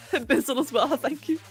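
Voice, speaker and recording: A woman hosting a live stream, chatting casually and thinking aloud with self-mocking humour while she sculpts. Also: high-pitched. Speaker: livestream host. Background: faint electronic music.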